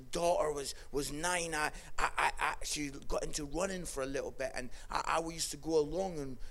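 A middle-aged Scottish man preaching a sermon, telling funny family stories, dropping to a hush, then rising to loud excited shouting. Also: on the high side, creaky, slight background noise. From Scotland. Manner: humorous storytelling, swings from hushed to shouting.

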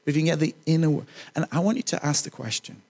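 Man, pastor, church sermon, lively up-and-down delivery, slightly high voice, chatty asides. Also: racing, creaky. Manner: animated, chatty preaching with humorous asides.

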